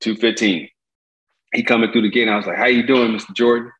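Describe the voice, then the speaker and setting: A middle-aged man from Indiana telling a story as an interview guest, acting out the voices in it with big jumps in pitch. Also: fast talker, muffled recording. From Gary, Indiana. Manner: lively storyteller, acts out quotes with jumps in pitch. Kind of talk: animated storytelling.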